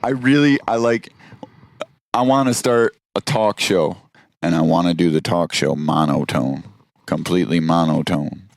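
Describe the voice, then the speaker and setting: A man hosting a casual podcast, joking around with his co-hosts, laughing often and sometimes dropping into a flat monotone for a bit. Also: deep voice, measured pace, gravelly, dry recording, clean studio sound. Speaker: podcast host. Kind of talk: casual chat.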